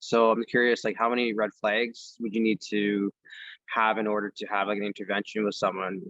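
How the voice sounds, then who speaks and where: A man attending a training session who asks a halting question over a video call. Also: on the low side, level tone, a bit bright, no room sound, muffled recording. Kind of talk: hesitant question.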